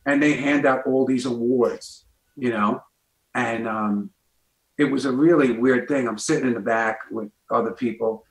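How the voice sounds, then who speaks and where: Animated New storyteller, echoey room. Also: male voice, mid-range voice, normal speed. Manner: animated storyteller acting out quoted voices. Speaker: guest comedian. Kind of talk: anecdote storytelling on a talk show.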